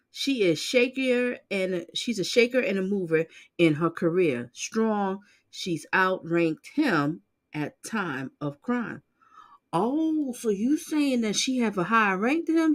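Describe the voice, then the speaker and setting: A woman host giving casual reaction commentary, sassy and blunt. Her voice swoops up and down constantly and lively. She exclaims often and talks straight to her viewers. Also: on the high side. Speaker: channel host reacting to court clips.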